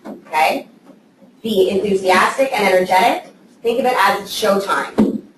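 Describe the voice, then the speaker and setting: A woman's voice: mid-range voice, animated, a little slow. Woman teaching a class in an echoey room. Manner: conversational, checks in with "okay?". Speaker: trainer for real estate assistants. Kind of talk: casual classroom training talk. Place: training room with a live group. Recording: echoey room, voice from far off, faint noise.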